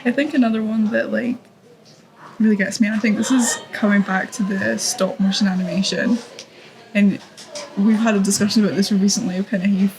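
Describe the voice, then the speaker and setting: A young woman gushes through casual podcast chat, with a gravelly, creaky texture to her voice. Her tone is effusive and quick to laugh. There is a clear hiss of noise under the recording. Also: medium pitch, fairly even intonation, darkish tone, rough recording. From Scotland. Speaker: podcast co-host.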